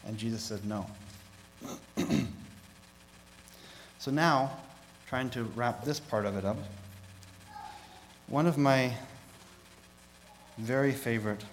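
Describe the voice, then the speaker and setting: Preacher, male, mid-pitched, reads scripture and builds intensity, quizzes his listeners; faint hum under the recording. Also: takes it slowly, long pauses, low-quality recording. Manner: reads scripture aloud, rising and louder on key verses; asks the congregation questions. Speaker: pastor. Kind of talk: sermon.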